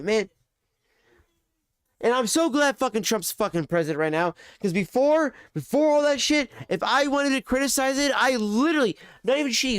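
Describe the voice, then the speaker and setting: A man's voice: extremely high pitch, fairly bright tone, clean tone, no room sound, clean studio sound. A man streaming live, ranting in casual, profane, rambling chat.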